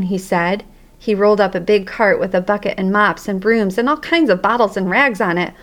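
Woman storybook narrator, lively, expressive, mid pitch. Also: normal speed. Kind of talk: storybook reading aloud.

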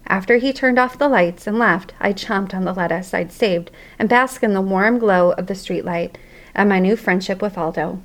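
A woman narrating a children's story aloud in a lively, expressive way. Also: mid-range voice, moderate pace.

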